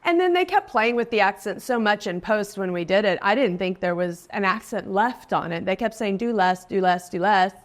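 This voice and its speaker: A woman's voice: medium pitch, animated, normal speed, few pauses. A woman in her forties, a guest actress in a casual interview, who talks in a chatty way, laughs often and lifts her voice when quoting people. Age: 40s.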